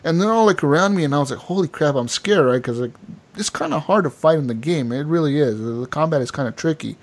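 A man co-hosting a gaming podcast, telling a long story in a loose, animated way, full of fillers and quoted voices. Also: on the high side, fast. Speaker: podcast co-host. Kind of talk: casual gaming podcast chat.

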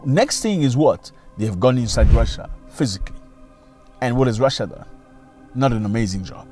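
In this video a man delivers opinion commentary on current events, arguing emphatically with lots of rhetorical questions. His pitch swings widely, and his tone is dark.

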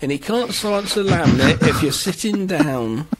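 A man's voice: on the high side, lively intonation, moderate pace, husky. A man co-hosting a podcast, chatting casually and cracking crude jokes. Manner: crude, joking interjections. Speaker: podcast co-host. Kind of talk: casual chat.

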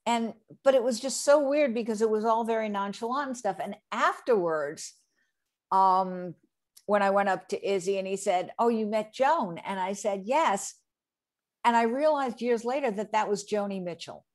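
A woman's voice: mid-range voice, moderate pace, darkish tone. A woman in her sixties from New Jersey, a guest in a casual interview, telling a long anecdote and acting out the people she quotes. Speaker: interview guest, re-recording mixer.

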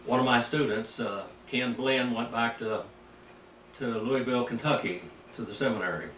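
An older man, a preacher, teaching Greek in a rambling, anecdotal way, clearing his throat now and then. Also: medium pitch, normal speed, fairly bright tone. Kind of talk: informal teaching sermon. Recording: echoey room, mic at a distance, faint background noise.

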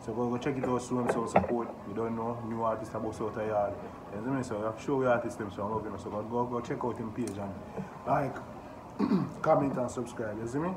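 Excitable Jamaican man in an echoey room. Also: mid-range voice, a little fast. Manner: excitable, keeps asking "you see me?". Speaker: music reaction host. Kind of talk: casual reaction commentary. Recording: echoey room with background noise.

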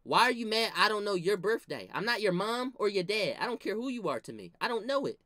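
Bright-voiced young man ranting comically. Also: sits high, brisk, no room sound, studio quality. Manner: animated, profane, slangy, laughs at own stories. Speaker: vlogger. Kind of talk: casual comedic storytelling rant.

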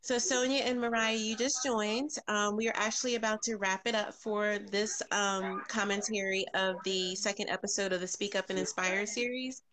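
A woman's voice: mid-range voice, steady tone, moderate pace, few pauses, a bit bright. A woman hosting a live podcast stream, greeting viewers by name and making announcements with frequent ums. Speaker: podcast host.

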